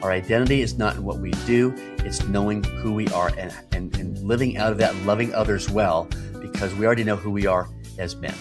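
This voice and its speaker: A man's voice: fairly low pitch, brisk, hardly any pauses, over music. Earnest man hosting a devotional podcast. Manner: earnest, emphatic, asks the listener rhetorical questions. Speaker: podcast host.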